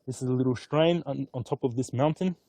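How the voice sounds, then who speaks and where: Easygoing man, mellow voice. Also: medium pitch, fairly quick, no echo. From Australia. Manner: easygoing, rambling, often excited. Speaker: stock market vlogger. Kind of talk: casual live-stream chat. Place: outdoors on a hilltop at home.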